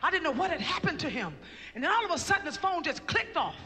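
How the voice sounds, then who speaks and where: A woman telling her testimony in a sermon, recounting the story with emphasis and breaking into shouted praise. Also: extremely high pitch, big pitch swings, fast talker, long reverb tail. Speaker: mother giving testimony.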